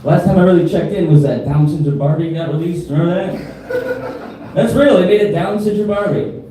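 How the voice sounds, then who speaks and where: Deadpan comedian in a roomy club. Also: male voice, sits high, normal speed, a little hiss or hum. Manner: crude, deadpan delivery with asides to the crowd. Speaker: stand-up comedian. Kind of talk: stand-up comedy set. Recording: roomy live club sound, from a distance.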